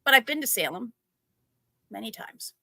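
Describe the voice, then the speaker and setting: New england woman guest on a live stream, bright voice, dry sound, short chatty answers. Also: a little high, big pitch swings, moderate pace, creaky, no echo. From Massachusetts and Maine. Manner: brief, chatty replies. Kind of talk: casual live-stream chat.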